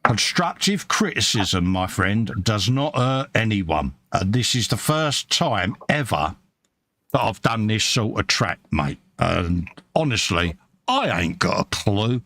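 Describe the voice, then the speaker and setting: This British co-host of a live modelling stream, a middle-aged man, talks casually and self-deprecatingly while working on a model kit and reading out chat messages. He speaks slowly in a lowish, very animated voice that sounds pushed and bright, recorded dry.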